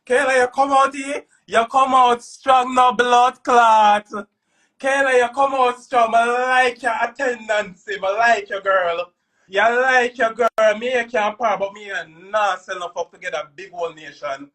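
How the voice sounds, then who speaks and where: A man with a Jamaican accent ranting loudly on a live stream, cursing and repeating himself. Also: very high voice, steady tone, unhurried, recorded from a distance. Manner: loud, cursing, repetitive. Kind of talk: heated live-stream rant.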